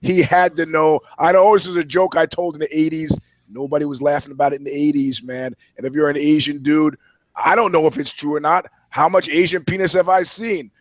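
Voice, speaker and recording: A man's voice: fairly high pitch, brisk, no room sound. Podcast co-host, man, crude comic storyteller, dry and slightly dull mic. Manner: animated, swearing, acts out voices in anecdotes. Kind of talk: profane comedic storytelling.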